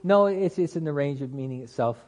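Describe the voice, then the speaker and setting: A man's voice: fairly high pitch, brisk, darkish tone. A man teaching a Bible study class to a group, talking through the text conversationally with restarts and dry humorous asides.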